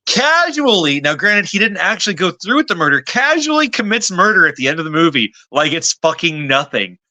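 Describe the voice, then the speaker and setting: Bright, animated man swearing freely. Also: sits high, brisk, no echo. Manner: animated, swears freely, talks over others. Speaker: podcast co-host. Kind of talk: casual movie-review chat.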